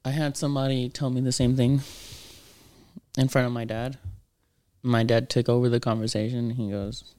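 A man's voice: medium pitch, flat delivery, normal speed, dark tone, no echo. A young married man bantering on a podcast, joking around and swearing, calling everyone bro. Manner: joking, profane, calls people bro. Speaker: podcast co-host. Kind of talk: casual banter.

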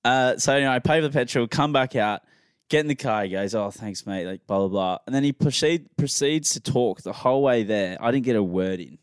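A podcast co-host with a medium, smooth voice talks briskly in a casual chat, spinning a rambling story and acting out its characters with animated quotes. The studio sound is clean and free of echo.

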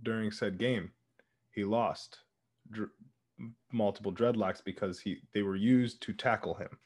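A man's voice: lowish voice, fairly even intonation, measured pace, a little mellow. A young man co-hosting a podcast, telling stories in a laid-back, casual way. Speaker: podcast co-host. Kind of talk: casual chat.

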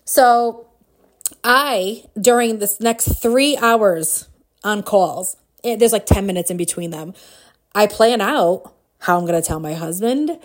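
A woman in her forties hosting a podcast, telling a personal story in a casual, animated way, with frequent laughs and fillers. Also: medium pitch, slow. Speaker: podcast host.

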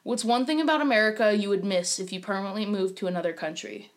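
A young woman co-hosting a podcast in casual chat. She talks in relaxed, teasing banter with a middle-pitched voice. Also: fast. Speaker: podcast co-host.

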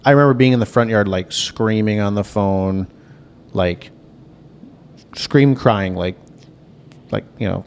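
A young man speaks in a low, gravelly voice, easygoing and frank as he tells stories on a podcast. Faint room noise sits under his talk. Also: measured pace, pauses often, a little mellow. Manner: loose, frank storytelling. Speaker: podcast guest. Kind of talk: casual chat.

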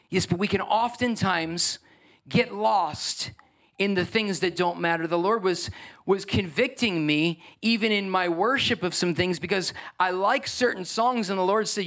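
A man preaching from the pulpit with a notably high-pitched voice. His delivery is earnest and emphatic, with frequent restarts as he presses his points, speaking into a microphone before a church congregation. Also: normal speed, a bit bright. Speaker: pastor. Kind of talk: sermon. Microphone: handheld or stage microphone.

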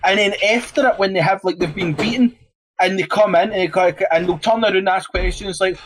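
A man's voice: high voice, brisk, a little hiss or hum, low-quality recording. A young Scottish man on a casual podcast, ranting heatedly and swearing constantly. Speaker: podcast co-host.

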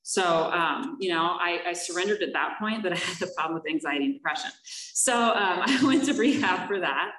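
A woman telling her recovery story as a personal testimony, candid and halting, with many fillers and wry laughs. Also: lowish voice, lively intonation, a bit bright. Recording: echoey room, voice from a distance.

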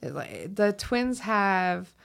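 Slow-talking Minnesotan woman. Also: mid-range voice, very animated, creaky, a bit bright, clear, resonant tone. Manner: reflective, unhurried, laughs easily. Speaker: guest, 911 call taker and dispatcher. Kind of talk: casual conversation.

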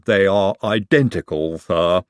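A man voicing a calm, polite male servant who answers in a measured, deferential way. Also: deep voice, clear, resonant tone, no room sound, clean studio sound.

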